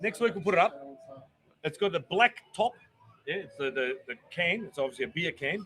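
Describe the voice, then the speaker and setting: A man's voice: on the high side, expressive, brisk, pushed and bright. Fired-up man, blunt and sweary. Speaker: podcast host. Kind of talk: casual chat.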